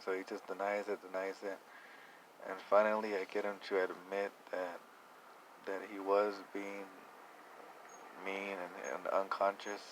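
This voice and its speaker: Low, flat-voiced young man musing aloud. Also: noisy background. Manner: rambling, halting, with many restarts. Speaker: vlogger. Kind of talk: reflective personal storytelling.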